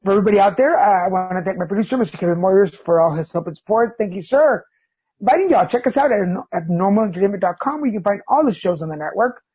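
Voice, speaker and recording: A man's voice: high-pitched, quick pace, breathy edge. Casual male podcast host, lo-fi sound. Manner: relaxed, filler-heavy, laughing. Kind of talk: casual interview. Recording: dull lo-fi sound.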